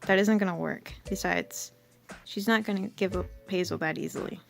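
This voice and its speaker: A woman's voice: lowish voice, steady tone, moderate pace, gravelly, soft background music. A woman voicing a bossy, sensible teen girl who talks in a blunt, patronizing way.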